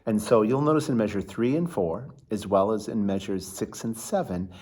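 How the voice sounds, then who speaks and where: A man's voice: fairly low pitch, moderate pace, darkish tone, husky. A man giving a casual violin lesson, chatty and full of fillers, counting beats aloud and singing rhythms. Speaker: violin teacher.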